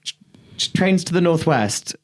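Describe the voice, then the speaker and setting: A man's voice: fairly high pitch, expressive, normal speed. A man co-hosting a podcast in casual chat, telling stories animatedly, swearing freely and acting out quotes. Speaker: podcast co-host.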